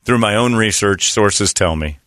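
A man from Indiana hosting a sports talk show, mocking and animated, slipping into put-on voices. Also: on the low side, moderate pace, dry recording, clean studio sound. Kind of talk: casual sports banter.

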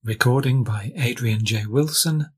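Husky-voiced man reading a fairy tale. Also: medium pitch. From England. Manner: measured storytelling, lightly voicing characters. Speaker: audiobook reader. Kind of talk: scripted narration of a fairy tale.

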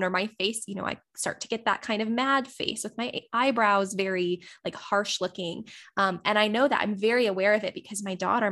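A woman in her thirties hosts a relaxed interview, thinking out loud in a candid, reflective way. Her voice sits at a middling pitch, and her speech is loose, with "like" and "you know" scattered throughout. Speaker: podcast host. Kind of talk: casual conversational interview.

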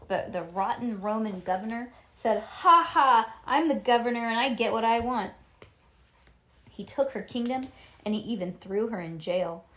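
A woman reading a children's book aloud to a child, lively and animated, with little asides. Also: medium pitch.

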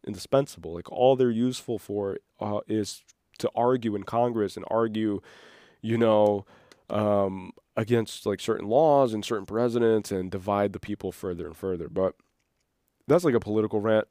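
A man hosting an unscripted solo podcast, rambling and excitable, sometimes losing his train of thought. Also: on the low side, moderate pace, dry recording, studio quality. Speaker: podcast host.

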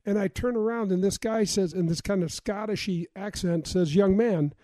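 High-voiced, excitable male host. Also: normal speed, no echo. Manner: excitable, enthusiastic. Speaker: podcast host. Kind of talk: casual interview chat.

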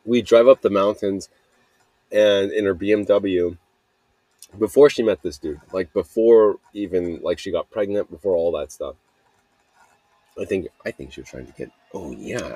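A young man rambles through his stories in a low, husky voice, laughing often and swearing casually. He talks casually into a close, dry mic outdoors at night. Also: mellow, no echo. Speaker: podcast host. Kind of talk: rambling casual storytelling monologue.

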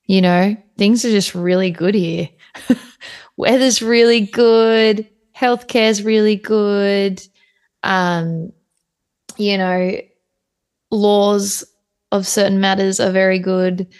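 A woman with an Australian accent, a singer chatting casually as a podcast guest, laughing often and pausing on fillers. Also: mid-range voice, fairly even intonation, darkish tone, clean tone. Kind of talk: casual chat.

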